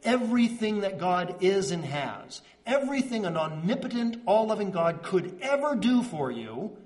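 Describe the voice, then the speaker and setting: A man preaching a conversational sermon as pastor, earnest and checking in with the congregation, slowing into soft pauses on key words. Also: high voice, very animated. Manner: earnest, checks in with "right?" and "okay?".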